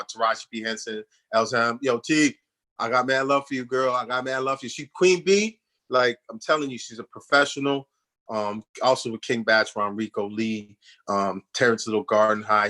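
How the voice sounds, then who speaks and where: A man guest on a radio show, telling stories in a loose, slangy way and acting out other people's voices. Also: fairly low pitch. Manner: animated storyteller, acts out others' voices in quotes; slangy, repeats "you know what I'm saying". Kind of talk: casual storytelling interview.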